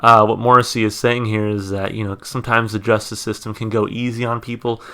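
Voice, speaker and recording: A low-pitched American man with a gravelly edge and a bright, forward tone, talking through a song in a relaxed reaction video. He thinks aloud, reads out lyrics and notes, and leans on fillers as he works out his views. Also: fairly quick. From United States. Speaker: music reaction channel host. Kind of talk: casual music reaction commentary.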